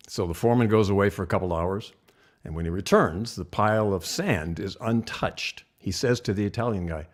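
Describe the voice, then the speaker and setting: Low-voiced man telling jokes casually. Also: animated, a little fast. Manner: laid-back, chuckling storyteller. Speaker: co-host. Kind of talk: casual joke-telling chat.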